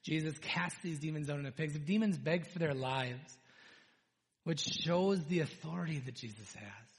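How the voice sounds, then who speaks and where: A man preaching a sermon, retelling a scripture story with animated storytelling and dropping to hushed tones for emphasis. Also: a little high, moderate pace. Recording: long reverb in a hall.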